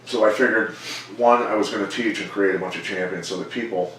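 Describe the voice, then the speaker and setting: A middle-aged man, a former fighter turned coach, telling stories in a measured, plainspoken way during an interview. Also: on the low side, slight background noise. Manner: measured, plainspoken, animated when quoting others. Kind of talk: casual storytelling interview. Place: gym. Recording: echoey room, mic far off.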